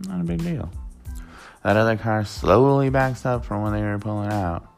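A man vlogging, telling a rambling, profane story in a casual, animated way. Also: on the low side, normal speed, vocal fry, faint music behind. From Worcester, Massachusetts.

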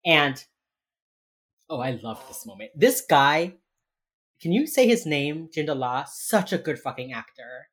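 A woman co-hosting a podcast in casual chat, recapping a TV episode with animated storytelling, acting out the characters' lines and swearing casually. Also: low voice, measured pace, long pauses. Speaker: podcast co-host.

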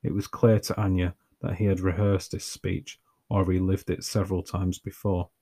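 A man's voice: deep voice, level tone, moderate pace, mellow, no room sound. A man reading a story aloud with dry, wry, profane humour. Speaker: narrator.

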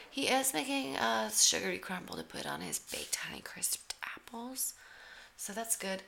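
A woman's voice: mid-range voice, gravelly, bright, forceful tone. A woman giving sarcastic, teasing play-by-play commentary over a cooking show. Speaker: comedic commentator.

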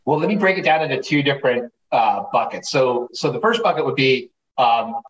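A man telling wine stories casually as an interview guest, lively and profane, acting out the people he quotes. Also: medium pitch, fairly quick, dull audio. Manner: animated, profane, acts out quoted voices. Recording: roomy, distant mic, faint noise.

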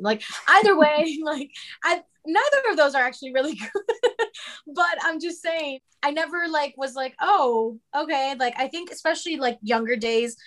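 A young woman in her twenties leads a relaxed chat among friends. Her voice sits high, and she swears and laughs easily as she talks. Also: normal speed. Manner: giggly, swears freely. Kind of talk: casual chat.

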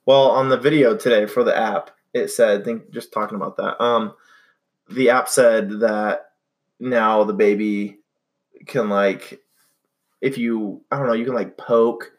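A man's voice: on the low side, fairly even intonation, a little slow. A young man co-hosting a casual podcast chat, rambling with many fillers and restarts. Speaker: podcast co-host.

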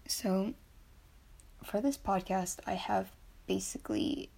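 A woman's voice: medium pitch, creaky, a little mellow. A young woman hosting her first podcast, sounding a bit nervous and earnest. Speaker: podcast host. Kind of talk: casual solo podcast intro.

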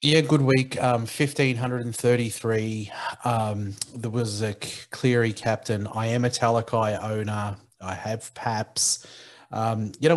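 A man, a guest on a sports podcast, talking confidently and casually with the odd swear word. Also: mid-range voice.

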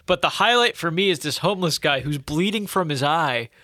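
A man's voice: fairly high pitch, lively intonation, a little fast, sharp tone, no room sound, studio quality. A young man in his twenties co-hosting a casual podcast, chatty and rambling, laughing as he tells stories. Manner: rambling, upbeat storytelling with laughs. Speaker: podcast co-host.

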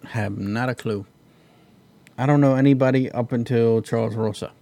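A man's voice: mid-range voice, steady tone, normal speed, mellow, no echo. A man hosting a casual fight-pick chat, laid-back and joking as he runs through the card. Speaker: podcast host.

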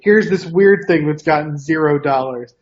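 A man's voice: fairly high pitch, normal speed, highs cut off. A man from New York with no regional accent, co-hosting a podcast in casual, rambling chat full of tangents. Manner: rambling, self-interrupting, wanders into tangents. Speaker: podcast co-host.

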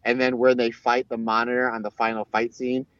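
A man in casual chat, recapping a TV crossover in a rambling, animated way and acting out the characters' lines. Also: medium pitch, brisk, no room sound. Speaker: podcast co-host. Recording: dull lo-fi, dry sound.

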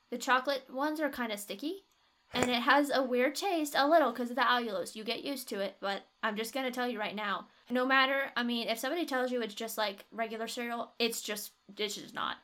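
A young woman co-hosting a podcast chats casually while reviewing a product, her slightly high voice pushed and bright. She voices strong opinions and laughs frequently.

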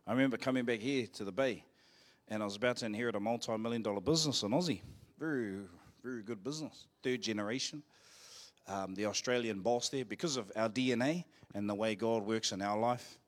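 A man with a lowish voice and a New Zealand accent speaks fairly quickly. He's a pastor preaching a live church sermon, telling a personal story jokingly and playfully while getting the congregation to call out phrases.

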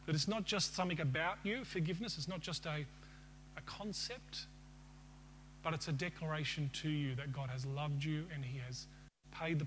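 In this sermon, a man with a fairly high voice addresses his congregation with questions and closes by leading them in prayer. A faint hum runs beneath the audio.

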